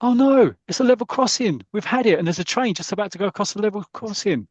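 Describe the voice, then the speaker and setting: Brief: frantic young footballer in a comic story, squeaky and desperate, read by a man, dull lo-fi sound. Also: moderate pace, a little mellow, dry recording, close to an everyday voice. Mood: terrified. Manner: high, frantic, stammering pleading. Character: panicky young male footballer, guilty.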